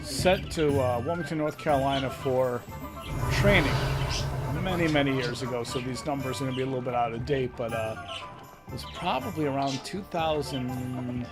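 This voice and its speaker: Middle-aged male streamer with a New Haven accent; easygoing rambling talk, loud game music underneath. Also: medium pitch, normal speed. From Connecticut. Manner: rambling, chatty storyteller. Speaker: gaming streamer. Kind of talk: casual chat while playing.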